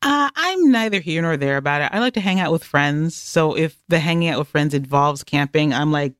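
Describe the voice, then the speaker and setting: A woman chatting as a podcast guest, animated and jokey, with quick asides. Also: deep voice, smooth, dry recording, studio quality. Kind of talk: casual conversation.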